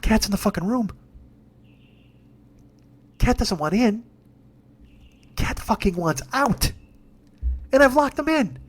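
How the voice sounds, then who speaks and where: A man telling a long comic story in a profane, rambling, animated way, as a podcast host. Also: high voice, slow, long pauses. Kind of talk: comedic storytelling monologue.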